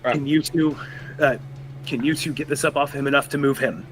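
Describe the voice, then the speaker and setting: A man's voice: mid-range voice, fairly even intonation, normal speed, slight background noise. A man playing a tabletop game, eagerly calling out his character's actions and talking through the rules. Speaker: player. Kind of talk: casual tabletop play.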